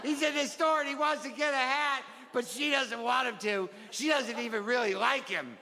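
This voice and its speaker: Pushing his voice up to an extremely high pitch, a comedian plays a little child reading a favorite picture book with naive, sing-song earnestness at normal speed. Laughter and crowd noise fill the reverberant club.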